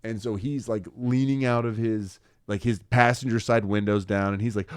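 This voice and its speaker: A man's voice: medium pitch, normal speed, smooth, dry recording, clean studio sound. A young adult man co-hosting a podcast, telling stories animatedly and acting out the people in them. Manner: animated storyteller who acts out voices loudly. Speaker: podcast co-host. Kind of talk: casual chat.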